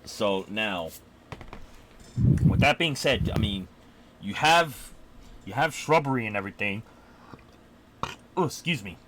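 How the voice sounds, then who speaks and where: A man narrating a tabletop game as game master, halting and pausing often with fillers. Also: on the low side, animated, background noise.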